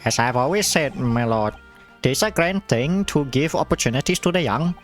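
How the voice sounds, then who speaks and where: A man voicing a jovial, pompous wealthy British gentleman in a grandiose, self-satisfied way. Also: medium pitch, expressive, moderate pace, faint music behind, natural voice.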